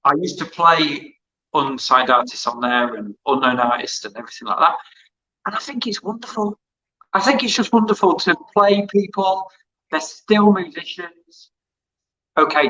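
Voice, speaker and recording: Bright and forceful, his voice sits on the higher side and comes through lo-fi audio. A former hospital radio presenter turned interviewer of musicians, he rambles through stories in a casual chat and acts out the quoted conversations.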